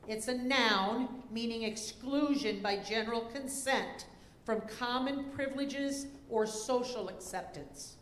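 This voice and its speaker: A woman serving as a spelling bee pronouncer, reading words and definitions deliberately, spelling letters out slowly, and giving stage directions to contestants. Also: on the high side, fairly bright tone. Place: school auditorium. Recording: echoey auditorium with faint noise.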